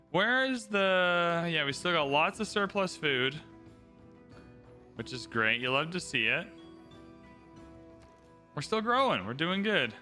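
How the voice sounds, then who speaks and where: A man's voice: a little high, bright, forceful tone. A man giving casual, upbeat livestream commentary while playing a strategy game, thinking aloud and chatting to his viewers.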